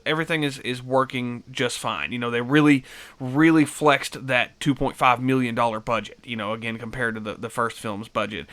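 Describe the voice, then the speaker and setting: Bright, clear-voiced man rambling about a film. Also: medium pitch. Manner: rambling, many fillers and restarts. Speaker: movie reviewer. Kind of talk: casual spoken film review.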